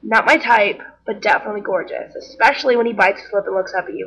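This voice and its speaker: A chatty young woman tells a story straight to the camera, acting out the people she quotes as she goes. Her voice is a little husky, and the audio sounds dull and lo-fi. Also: medium pitch, fast, fairly bright tone. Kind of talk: casual storytelling vlog.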